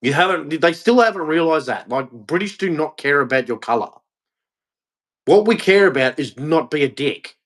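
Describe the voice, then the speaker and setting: A man's voice: a little high, expressive, normal speed, a bit bright. An Australian man delivering a heated, blunt opinion rant, repeating himself and swearing. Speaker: vlogger.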